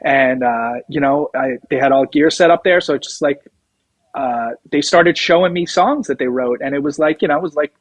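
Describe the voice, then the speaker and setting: Middle-aged male guest, rambling storyteller, slightly high voice, dry close mic. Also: moderate pace, no room sound, poor audio. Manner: rambling anecdotes, acts out quoted dialogue. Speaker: guest musician, drummer. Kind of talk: casual storytelling interview.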